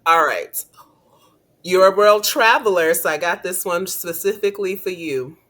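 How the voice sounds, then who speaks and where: A woman's voice: on the low side, normal speed, a bit bright. A woman career coach hosting a casual interview, upbeat and chatty, laughing often.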